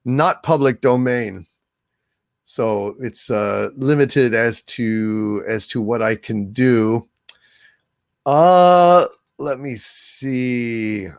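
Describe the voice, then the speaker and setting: A man hosting a casual livestream, thanking viewers by name in a soft, halting way. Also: mid-range voice, dry recording, clean studio sound. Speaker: livestream host. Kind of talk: casual livestream chat, reading viewer donations.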